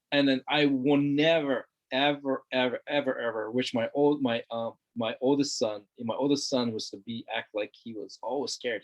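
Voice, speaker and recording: A man's voice: medium pitch, dull audio. A middle-aged man from Hawaii, a guest talking earnestly in a casual conversation, repeating words for emphasis. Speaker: interview guest.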